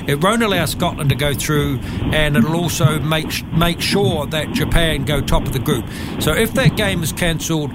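An older man, a rugby pundit telling stories in casual radio chat, with halting restarts. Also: on the high side, heavy background noise. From New Zealand. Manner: rambling storyteller, halting restarts.

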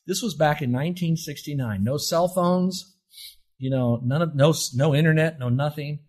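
A man in his seventies preaches a teaching sermon in a highish, slightly mellow voice, fairly quick and lively in intonation. The pastor presses his points with rhetorical questions and tells listeners to circle and underline words.

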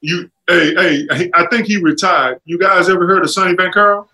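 High, bright-voiced man telling stories. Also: a little fast, low-quality recording. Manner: animated, acts out quotes with jumps in pitch. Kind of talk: casual storytelling.

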